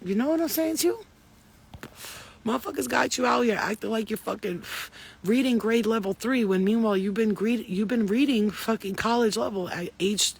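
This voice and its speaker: A woman's voice: mid-range voice, creaky, husky. A woman giving an intuitive spiritual reading to her viewers, talking in a profane, emphatic and preachy way. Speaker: spiritual reader.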